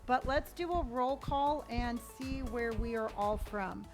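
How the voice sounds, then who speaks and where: A chatty woman from Southern California runs a live game stream, warmly greeting viewers and reading their comments aloud. Her voice sits a touch high, and soft game music plays underneath. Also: unhurried.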